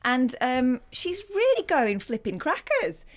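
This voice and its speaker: A woman's voice: sits high, slow pace. A woman co-hosting a radio show, telling a story in casual chat and acting out what people said. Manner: animated, acts out quotes. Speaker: radio co-host.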